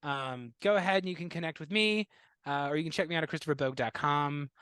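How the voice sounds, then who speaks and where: High-voiced, dry-sounding animated man. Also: fast, smooth, no room sound. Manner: animated storyteller, acts out quoted relatives, laughs often. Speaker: comedian and guest. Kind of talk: casual interview chat.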